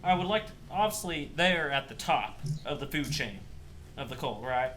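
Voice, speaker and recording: A man's voice: mid-range voice, lively intonation, normal speed, sharp tone. A man speaking casually and with a joking, hesitant manner while playing his character in a tabletop game. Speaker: player.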